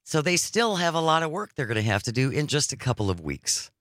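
A man hosts a political talk radio show from a studio, reading news items aloud and trading wry, sarcastic jokes with his co-host. His medium-pitched, fairly bright voice is very animated and brisk, on a studio microphone with a dry sound.

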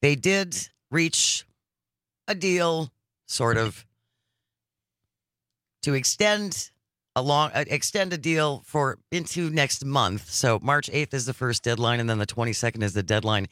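A man's voice: mid-range voice, animated, unhurried, pauses often, a bit bright, no echo. A man hosting a political talk radio show, reading news items and joking sarcastically with his co-host in a studio. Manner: wry, sarcastic, reads news items aloud. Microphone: studio microphone.

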